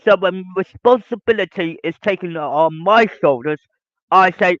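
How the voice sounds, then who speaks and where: Male podcast host, high-pitched, repetitive lecturing rant; dull, dry recording. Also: animated, normal speed, fairly bright tone, dry recording. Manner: ranting, repetitive, lecturing listeners directly. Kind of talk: podcast monologue.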